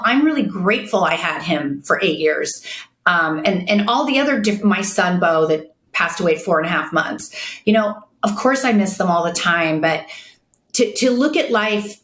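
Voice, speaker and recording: A woman's voice: mid-range voice, fairly bright tone. A middle-aged woman guest on an interview, speaking frankly and bluntly about her life. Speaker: guest, makeup artist and CEO. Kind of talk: casual interview chat. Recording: echoey room.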